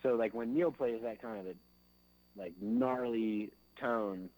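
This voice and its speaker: On a rough recording, a drummer chats unhurriedly in an interview, his medium-pitched voice a little mellow. He rambles loosely, leaning on "like" and "you know," and now and then vocalizes drum beats.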